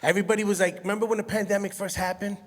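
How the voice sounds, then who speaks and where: High-voiced New comedian in a reverberant hall. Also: male voice, rapid-fire. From Brooklyn, New York. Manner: animated storytelling, laughs at his own jokes. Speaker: stand-up comedian. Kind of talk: stand-up comedy set. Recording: long hall reverb from a live venue.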